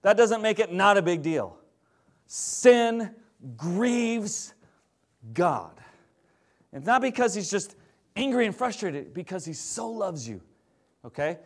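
A man's voice: high voice, expressive, takes it slowly, pauses often. A man preaching a sermon in a conversational style that rises to emphatic declarations. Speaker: pastor.

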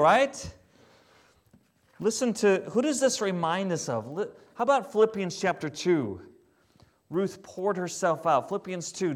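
Pastor, male, conversational and animated sermon delivery, slightly higher voice. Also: unhurried.

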